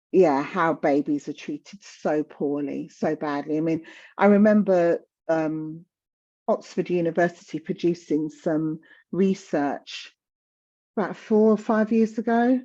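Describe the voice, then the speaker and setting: A woman's voice: sits low, slow pace, dark tone, muffled recording. A woman in her fifties talking candidly in conversation, passionate and emphatic, often repeating words for stress. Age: 50s.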